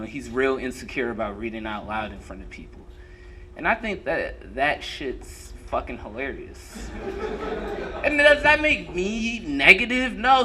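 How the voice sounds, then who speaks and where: A young man works a club crowd with crude, profane stand-up and teases people in the front rows. His voice sits a little high and swings widely in pitch. The live recording carries a constant hiss of room noise. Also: sharp tone. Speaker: stand-up comedian. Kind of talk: stand-up comedy set.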